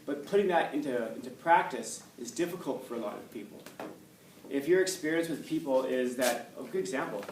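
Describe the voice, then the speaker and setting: A man teaches a class in a medium-pitched voice with lively intonation and a fairly quick pace. Forthright and blunt, he keeps throwing rhetorical questions at the students. Captured from a distance in an echoing classroom, his lecture has a faint hum running underneath.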